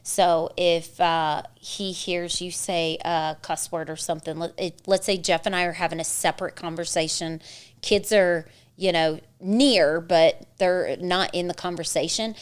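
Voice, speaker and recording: A young adult woman co-hosting a casual chat, telling animated stories with quoted dialogue and laughter. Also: on the low side, measured pace, clean tone. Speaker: co-host.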